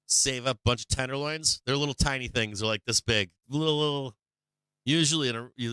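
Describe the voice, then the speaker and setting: A man's voice: mid-range voice, sharp tone, clear, resonant tone, no room sound. A man hosting a livestream, chatting casually in a rambling, profane way and answering his chat. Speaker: livestream host.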